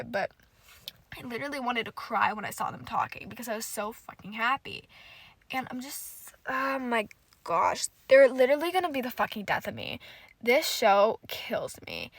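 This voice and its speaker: A woman's voice: a little high, fairly bright tone, no room sound. Gushing, swearing young-sounding woman podcaster. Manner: gushing, emotional, swears a lot. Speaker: podcast host. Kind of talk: casual solo TV recap.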